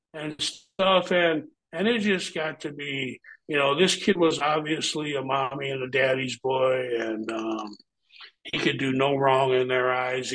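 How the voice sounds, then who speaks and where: A man's voice: medium pitch, a bit bright, low-quality recording. A middle-aged man, a former pro wrestler, telling a story as an interview guest in a blunt, heavily profane way.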